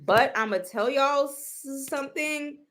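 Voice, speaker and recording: A woman's voice: high voice, unhurried, a bit bright. A woman giving casual commentary, blunt and profane, often rambling and restarting her sentences.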